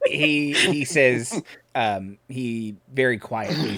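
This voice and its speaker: A man narrating a tabletop game as game master, halting and laughing often as he describes scenes. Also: mid-range voice, sing-song, a bit bright.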